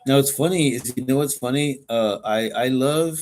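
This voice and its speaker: A man's voice: medium pitch, normal speed, a little mellow. A man co-hosting a podcast, talking earnestly in casual chat and often repeating himself mid-sentence. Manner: earnest, repetitive, often restarts. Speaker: podcast co-host. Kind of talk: casual conversation.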